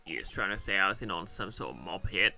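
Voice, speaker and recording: Casting: Mann als grober Kredithai-Zeuge, tief und kratzig, sehr heller, scharfer Klang. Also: male voice, low-pitched, animated, fast talker, creaky, pushed and bright, slight background noise, voice pushed down, heavily acted. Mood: threatening. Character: gruff male loan-shark gangster witness, pushy.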